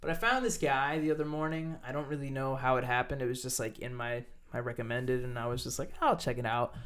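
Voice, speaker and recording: A man's voice: medium pitch, quick pace, a bit bright. Rambling, casual male podcast host. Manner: rambling, lots of fillers and swearing. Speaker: teacher. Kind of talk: casual chat.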